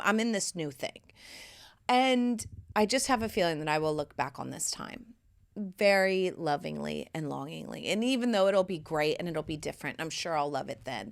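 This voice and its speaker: A woman in her thirties hosting her own podcast, talking casually and animatedly, swearing freely and swinging between loud bursts and hushed asides. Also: lowish voice, creaky. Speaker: podcast host. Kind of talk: casual solo podcast talk.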